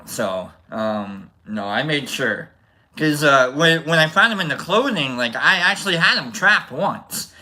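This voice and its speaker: Bright-voiced man telling a rambling story. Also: on the high side, measured pace. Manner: animated, rambling with restarts. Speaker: livestream host. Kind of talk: casual storytelling to chat.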